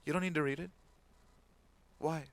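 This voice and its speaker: A man's voice: a little high, fairly even intonation, moderate pace, no echo. A man giving an informal religious talk as an imam, telling a story and acting out the people in it with a raised voice, and dropping Arabic words and phrases into his speech. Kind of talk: talk-style religious lecture.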